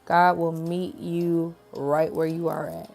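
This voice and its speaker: A woman's voice: sits low, steady tone, slow, vocal fry, a little mellow, faint music behind. A woman giving a casual spiritual pep talk to her viewers, chatty and colloquial, calling them y'all. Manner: acts out voices in quoted dialogue. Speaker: spiritual message creator.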